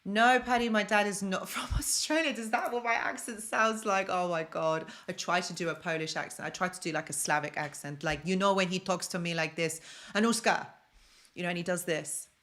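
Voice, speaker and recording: A woman's voice: on the low side, fairly quick, hardly any pauses, fairly bright tone. A young woman from London hosts a casual self-help live stream, chatting and repeating phrases for emphasis while she answers viewer comments.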